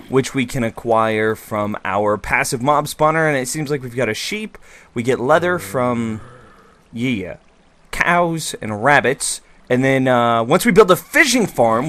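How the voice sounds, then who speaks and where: A young man hosting a game commentary, bubbly and gushing, swinging from excited squeals to quiet mumbles. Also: mid-range voice. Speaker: gaming video host. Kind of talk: excited Minecraft let's play commentary.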